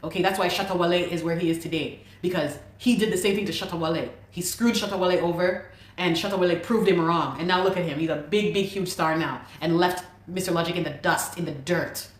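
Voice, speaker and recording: A woman's voice: on the low side, fairly even intonation, fairly quick. A woman from Ghana giving an emotional personal account as an interview guest, exasperated and repeating herself as she vents. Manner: exasperated, repeats words while venting. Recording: roomy echo.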